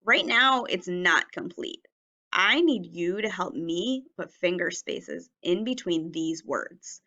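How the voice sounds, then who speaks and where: The recording is muffled as a woman elementary teacher gives a writing lesson to children on video. Her voice, on the low side, sounds pushed, bright and expressive, and she speaks slowly with careful enunciation for young learners.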